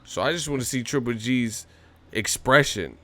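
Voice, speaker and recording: A man holds forth on boxing in a loose, profane rant, his voice sitting at an ordinary middle pitch. He mocks the people he talks about and jumps into incredulous jabs, casual and heated all the way through. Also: moderate pace. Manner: animated, profane, mocking, with high-pitched incredulous outbursts. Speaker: boxing commentary vlogger.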